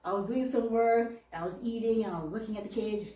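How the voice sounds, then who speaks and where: A woman minister telling a story in a sermon, animated and often laughing. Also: fairly high pitch, quick pace, far from the mic. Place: church. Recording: echoey church from off-mic.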